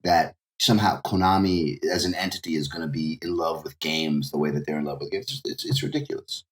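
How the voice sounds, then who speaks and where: A man's voice: rumbling low, fairly even intonation, brisk, a little hiss or hum. A man from the United States, a professional game localizer, talking casually as a podcast guest and rambling with many restarts and "you know"s. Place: home in Japan, remote call.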